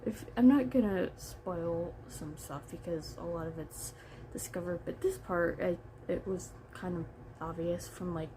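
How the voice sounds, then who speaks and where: A woman's voice: fairly low pitch, background noise. A woman chatting casually through a book review, rambling and poking fun at herself. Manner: chatty, rambling, self-deprecating.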